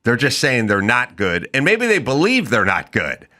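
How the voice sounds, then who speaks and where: Man, middle-aged, podcast host, casual chat, very lively pitch, mocking quoted voices. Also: moderate pace. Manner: animated storyteller who acts out quotes in mocking voices.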